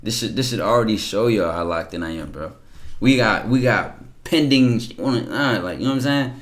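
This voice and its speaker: Blunt, low-voiced male streamer. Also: normal speed. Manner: blunt, profane, lecturing. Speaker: streamer reacting to viewer messages. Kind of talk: casual livestream commentary.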